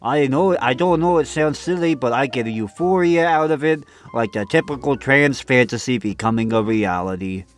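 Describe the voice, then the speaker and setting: A man's voice: mid-range voice, lively intonation, normal speed, hardly any pauses, soft background music. A man hosting a comedic commentary, reading online posts aloud in a sarcastic voice that breaks into laughs and stumbling restarts. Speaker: commentary host.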